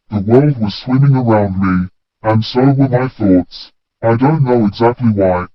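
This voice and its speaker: A man reading a first-person story in a plain, steady way. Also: on the low side, no room sound. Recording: dull, dry lo-fi recording.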